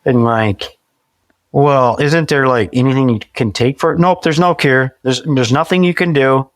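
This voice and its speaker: A man's voice: mid-range voice, normal speed, no room sound, studio quality. Man in his forties telling a story. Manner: acts out quoted dialogue vividly; frequent restarts and repeated words. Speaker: podcast guest. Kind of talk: conversational storytelling.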